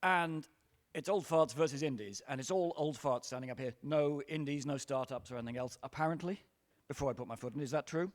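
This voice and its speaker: A man's voice: medium pitch, a little fast, a little hiss or hum. An older British man ranting bluntly and profanely on a conference panel stage.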